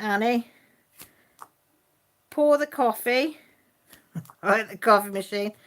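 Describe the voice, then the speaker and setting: A chatty woman hosts a relaxed live stream, answering her viewers by name. She laughs easily and keeps things informal, at a middling pitch for a woman. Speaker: channel host reading live chat. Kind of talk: casual live-stream chat.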